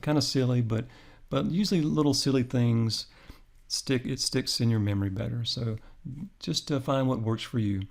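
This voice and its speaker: A man teaching a lesson slowly and deliberately, spelling out each sound with care. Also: medium pitch, fairly even intonation, creaky. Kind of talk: slow, careful instructional lesson.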